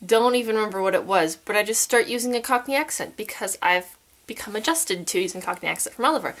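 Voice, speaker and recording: A woman's voice: mid-range voice, lively intonation, fast talker, a bit bright. A teenage girl vlogging in casual chat, telling stories in a bubbly, theatrical way.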